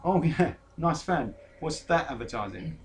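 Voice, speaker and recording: A man's voice: fairly high pitch, lively intonation, measured pace, slight background noise. A man hosting a casual football podcast, teasing his guest and reading out transfer news. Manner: jokey, teasing, reads out player news. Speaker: podcast host.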